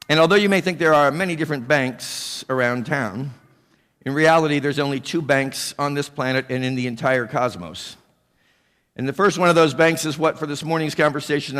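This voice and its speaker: Male minister giving a sunday sermon, kinda high voice, playful, lots of questions at the crowd, big church echo. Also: a bit bright. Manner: playful, asks the congregation rhetorical questions. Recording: long hall reverb.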